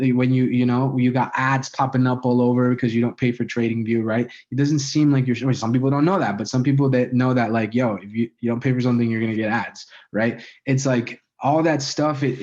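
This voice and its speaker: A sales communication trainer with a medium-pitched, slightly mellow male voice leads a casual session on persuasive speaking. He talks loosely, using fillers and often checking in with "right?" The recording sounds dull and lo-fi.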